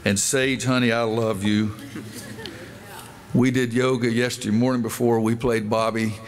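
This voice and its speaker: A man in his sixties addresses a crowd in an arena through a microphone, telling a long folksy story. He acts out the back-and-forth of the conversation, and his voice sits at an ordinary middle pitch. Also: flat delivery, moderate pace. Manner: folksy storytelling, acting out quoted dialogue. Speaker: basketball coach giving a speech. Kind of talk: speech at a dedication event.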